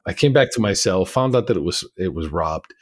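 A man's voice: low-pitched, lively intonation, a little fast. A man on a podcast, telling his personal story in a candid, emphatic way. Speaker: podcast guest.

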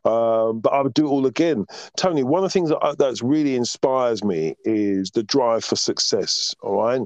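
A man in a dry recording talks at a moderate pace in a mid-range voice, guesting on a podcast for a casual interview. His storytelling is animated and emphatic, peppered with "right?" check-ins.

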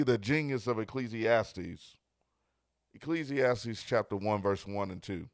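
A man pastor preaching a livestreamed sermon, repeating key lines and building from quiet greetings to loud, emphatic preaching. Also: on the low side, normal speed, no room sound, studio quality.

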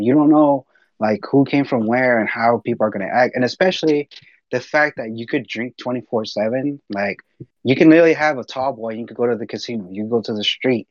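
Recorded dry with dull audio, this man has a medium-pitched voice. His casual talk is one long rambling story after another, thick with fillers and cursing.

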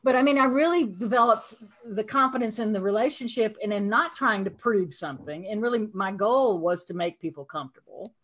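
As a guest on a podcast, a middle-aged woman with a Southern American accent shares her career story in a casual, frank and self-deprecating way. Her medium-pitched voice is animated and brisk.

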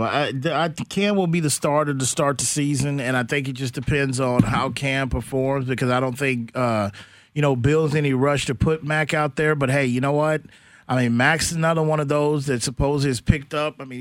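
A man's voice: a little high, fairly even intonation, fairly quick, fairly bright tone, no echo. A man hosting a sports talk radio show from a studio, blunt and opinionated, rambling through his points.

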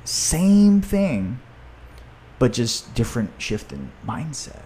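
Upbeat fitness coach, mid-pitched man. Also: wildly swooping pitch, warm tone. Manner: upbeat, talks fast with many fillers, reads aloud from his own book. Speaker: fitness coach and gym owner. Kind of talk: casual podcast conversation.

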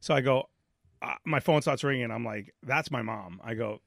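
A man's voice: mid-range voice, normal speed, vocal fry, dry recording, clean studio sound. A man, animatedly telling a story on a podcast and acting out the voices in it. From New York. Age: 40s. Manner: animated, acts out voices in his story, repeats himself. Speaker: podcast host. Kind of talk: casual storytelling chat.

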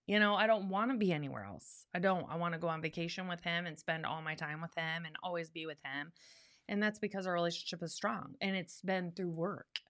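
Lower-pitched woman cohosting a podcast, candid, repeats herself for emphasis. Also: a little fast, fairly bright tone. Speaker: podcast co-host. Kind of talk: casual chat.

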